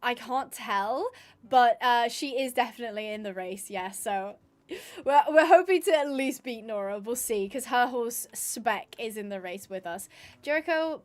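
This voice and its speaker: A young woman talks through a gaming stream in a loose, rambling way. Her voice sits high, and she fills the gaps with ums, likes and restarted phrases. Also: animated, a little slow. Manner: chatty and rambling, with many fillers and restarts. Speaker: streamer and roleplayer. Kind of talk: casual live-stream chat while gaming.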